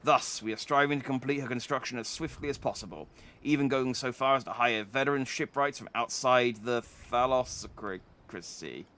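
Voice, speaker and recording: A man's voice: medium pitch, moderate pace, sharp tone, lightly acted. A man reading the lines of a stern, proud shipyard master in a stiff, formal, declamatory way.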